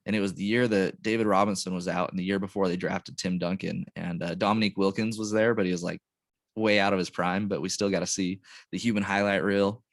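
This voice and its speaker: A man's voice: low voice, steady tone, quick pace, no echo. A man hosting a podcast, chatting casually in a laid-back way about sports memories. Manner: laid-back, says dude and man a lot. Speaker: podcast host. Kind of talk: casual chat.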